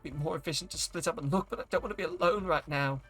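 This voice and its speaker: A man's voice: a little high, quick pace, a bit bright, soft background music, pitched above the performer's own voice. A man reading the lines of an anxious young witch searching for a lost raven. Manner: anxious, pleading, brittle.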